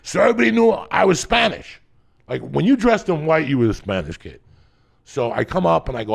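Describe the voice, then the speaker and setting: Man, middle-aged, from New Jersey, gravelly, swearing storyteller, pitch swings a lot. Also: a little fast. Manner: profane, animated storyteller, acts out voices. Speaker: podcast host. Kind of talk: storytelling in casual chat.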